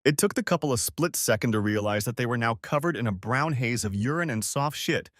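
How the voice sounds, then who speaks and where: A man narrating a first-person story in an expressive storytelling manner. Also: mid-range voice, brisk, dry recording, studio quality.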